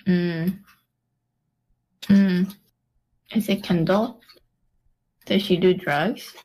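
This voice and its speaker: A woman's voice: fairly low pitch, fairly even intonation, extremely slow, darkish tone. A woman co-hosting a casual podcast, thinking aloud hesitantly during a quiz. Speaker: podcast co-host. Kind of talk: casual chat.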